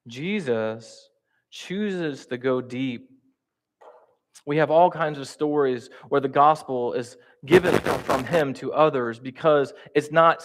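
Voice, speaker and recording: A man preaching in a church, talking conversationally and with humor, acting out the quotes he tells. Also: medium pitch. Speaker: pastor teaching a class. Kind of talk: sermon.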